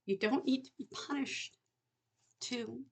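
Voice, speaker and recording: A meek teenage boy speaks softly and kindly, his voice lifted well above the reader's own, as a woman puts him on. There is a gravelly edge under the gentle tone. An audiobook figure. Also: a little high, slow pace, pitched above the performer's own voice, full character voice. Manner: meek, soft.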